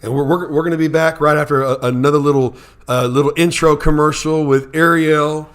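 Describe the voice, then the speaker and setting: A male show host who talks haltingly, repeats words and throws in enthusiastic interjections while interviewing. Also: on the high side, steady tone, smooth. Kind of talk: casual interview chat.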